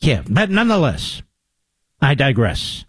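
A man's voice: medium pitch, wildly swooping pitch, a little slow, fairly bright tone, husky, dry recording. An older man hosting a talk radio show, with a combative, sarcastic monologue and mocking asides to his producer.

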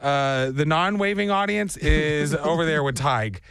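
Man, radio host, high voice, dry studio sound, excitable storyteller. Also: unhurried, smooth, dry recording. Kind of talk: animated morning radio banter. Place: glass-walled radio studio downtown. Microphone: studio microphone.

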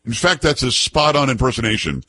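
Husky joking talk show host. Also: male voice, mid-range voice, brisk. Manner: animated, joking, teasing. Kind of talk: casual talk show banter.

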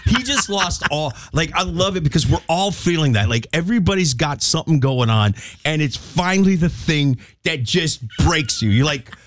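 A man co-hosting a morning radio show, bantering and telling jokey stories in a lively, casual way. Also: on the high side, dry recording. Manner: joking, animated storytelling with quick asides.

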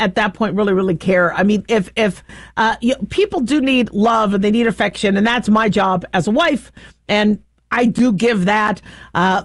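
A middle-aged woman hosting a casual commentary, talking in a chatty, animated way with frequent laughs and restarts. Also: a little high, no echo. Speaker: host.

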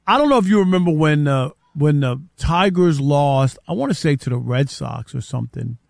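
A man's voice: fairly high pitch, expressive, normal speed, creaky, no room sound, studio quality. An older man hosting a sports talk show, speaking in casual, rambling sentences and often repeating words as he starts a thought. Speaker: sports radio host.

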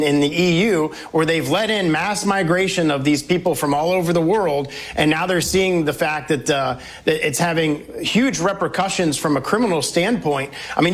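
A man serving as a congressman, a guest on an interview show. His voice sits a bit higher than most men's. He speaks in an emphatic, talking-point style.

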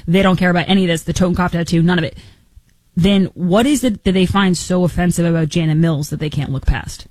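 A woman's voice: fairly low pitch, steady tone, fast talker, darkish tone, dry recording, rough recording. A woman hosting a political talk show, giving opinionated commentary with incredulous rhetorical questions.

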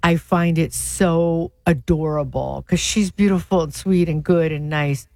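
A woman co-hosting a casual chat, telling stories in an animated, opinionated way. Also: low voice, unhurried, dry recording. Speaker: co-host.

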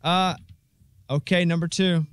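A man hosting a radio show, running a quiz game with quick, joking banter. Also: fairly high pitch, clear, resonant tone, dry recording. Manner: animated, quick to joke.

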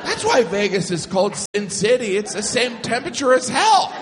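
A man doing stand-up comedy, animated and shouting his punchlines. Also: extremely high pitch, moderate pace. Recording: echoey noisy club with loud crowd.

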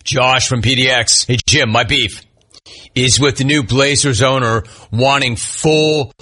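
A man's voice: medium pitch, steady tone, a little slow, sharp tone. A man hosting a sports talk show, reading listener messages aloud and wisecracking about each one.

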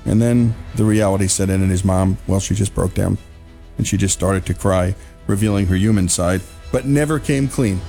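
A man's voice: low voice, moderate pace, creaky, dark tone, faint music behind. A man hosting a radio program and earnestly recapping the story. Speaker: radio show host. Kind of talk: radio narration.

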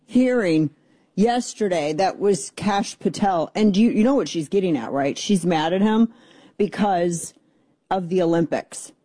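A woman hosts a political talk radio show from a studio, sarcastic and combative as she rambles. Her voice sits low and mellow, recorded dry and close with no room sound. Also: measured pace, no room sound.

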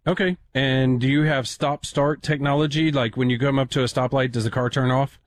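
A man hosting call-in radio from a studio at a medium pitch. He talks in a chatty, self-deprecating way, full of uh and um. The sound is dry and close. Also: fairly even intonation, fairly quick, no echo. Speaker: radio show host. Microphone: studio microphone.

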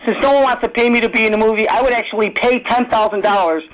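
A caller with a Chicago accent who talks at a rapid clip and jumps between topics without pausing. His voice sits very high for a man. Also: low-quality recording. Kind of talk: call-in chat.

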